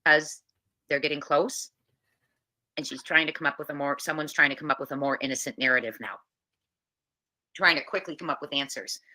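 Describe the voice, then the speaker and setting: A woman co-hosts a casual livestream in a very low, forceful voice. She talks animatedly, fires quick questions and reacts to the chat.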